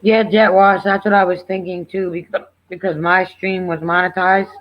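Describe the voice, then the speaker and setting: A woman's voice: fairly low pitch, moderate pace. A woman co-hosting a live stream, chatting casually and answering viewers. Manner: relaxed, chats back to viewers by handle. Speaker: stream co-host. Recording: dull lo-fi mic with faint noise.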